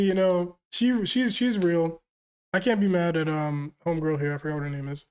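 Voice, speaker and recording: A man's voice: high voice, moderate pace, a little mellow, clean tone. A man streaming a live reaction to a comic, reading panels aloud and reacting in casual slang. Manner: slangy, exclamatory, often ends lines with yo or bro; reads panels aloud between comments.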